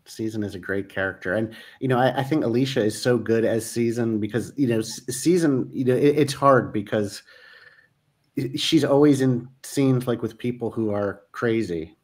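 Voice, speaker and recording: Male guest, mid pitch, eager and chatty, filler-heavy. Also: normal speed, a little mellow. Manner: enthusiastic, laughs often, many fillers. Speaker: series creator guest. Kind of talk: casual interview chat.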